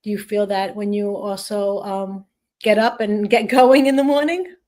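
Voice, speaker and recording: A woman's voice: medium pitch, steady tone, normal speed, darkish tone. A woman hosting a podcast interview, speaking in an encouraging, affirming way. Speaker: podcast host. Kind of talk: conversational interview.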